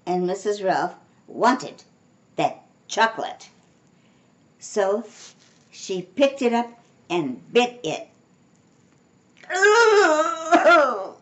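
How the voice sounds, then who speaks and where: An older woman reads a children's storybook aloud at a gentle, unhurried pace. Her pitch sits in a middling range, and she reads expressively, giving the characters' dialogue its own voices. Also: lively intonation, lo-fi sound. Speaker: storybook reader. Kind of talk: reading a children's picture book aloud.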